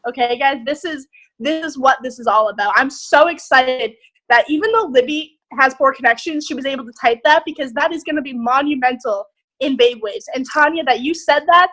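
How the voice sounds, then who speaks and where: A young woman leading a group on a video call, giving an excited, emphatic motivational talk with casual swearing. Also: high-pitched, a little fast, rough recording. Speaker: group leader.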